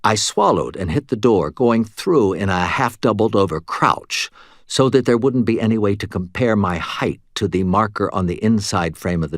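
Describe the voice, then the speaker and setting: A man's voice: fairly low pitch, no room sound, studio quality. A man narrating a novel in first person with wry, conversational storytelling. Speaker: audiobook narrator.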